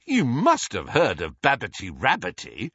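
A man's voice: medium pitch, wildly swooping pitch, normal speed, bright, forceful tone, husky, no echo, heavily acted. A man voicing an easygoing, joking teenage boy who talks bluntly, in an audiobook reading. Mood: incredulous. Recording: dull lo-fi audiobook recording.

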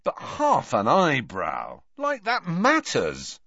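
A man voicing a grumpy, laid-back teenage schoolboy in a storybook reading, grumbling and drawn-out. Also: a little high, wildly swooping pitch, sharp tone, no echo, voice pushed up, full character voice. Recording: dull lo-fi recording.

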